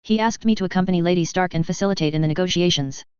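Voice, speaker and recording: A woman's voice: lowish voice, racing, darkish tone, smooth, dry recording, dull audio, close to an everyday voice. An earnest young woman advisor, read by a woman.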